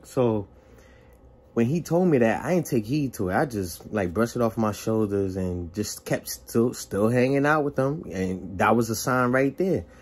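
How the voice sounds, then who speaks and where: A vlogger, a young man, tells a personal story in a casual, animated way, a little slowly, his pitch leaping as he acts out what people said. His voice is slightly husky and softly breathy, and he keeps slipping into exclamation-filled quoted dialogue.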